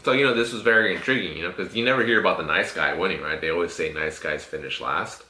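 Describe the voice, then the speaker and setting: Low-voiced man telling casual stories. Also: fast, pushed and bright, roomy sound. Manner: profane, laid-back storytelling with frequent fillers. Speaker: podcast host. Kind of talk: casual podcast chat.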